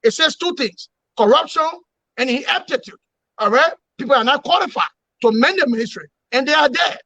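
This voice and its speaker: High-pitched emphatic man, lo-fi. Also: lively intonation, a little fast, sharp tone. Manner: emphatic, repetitive, lecturing. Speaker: opposition commentator. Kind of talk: political analysis in an interview.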